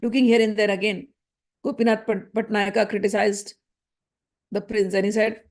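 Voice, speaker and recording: A woman's voice: mid-range voice, little pitch movement, normal speed, pauses often, darkish tone. A woman retelling a scripture story in her own words, often correcting herself and acting out the characters' quoted speech. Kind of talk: unscripted spoken storytelling.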